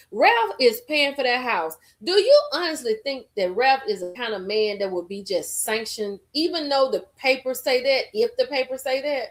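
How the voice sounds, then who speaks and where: Animated woman chatting to her live stream. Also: a little high. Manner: animated, talks straight to viewers reading the chat; emphatic, repeats lines for effect. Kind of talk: casual live-stream gossip chat.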